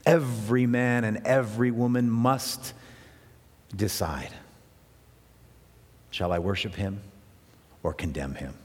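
Brief: male pastor preaching, low voice, earnest, echoing church hall. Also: takes it slowly, pauses often, darkish tone. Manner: earnest, with many restarts and rising emphasis. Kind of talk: sermon. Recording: hall with long reverb.

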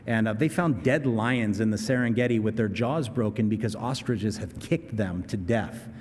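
A man's voice: on the low side, normal speed, a little mellow, slight background noise. A male pastor preaching a sermon, mixing plain explanation and casual asides with sudden dramatic bursts. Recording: long hall reverb.

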